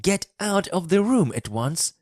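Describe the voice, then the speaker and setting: A man's voice: medium pitch, very animated, takes it slowly, darkish tone, dry recording, clean studio sound, pitched above the performer's own voice. A man voicing a sickly, spoiled and frightened boy in a storybook reading for English learners, with a whining, self-pitying manner. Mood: furious.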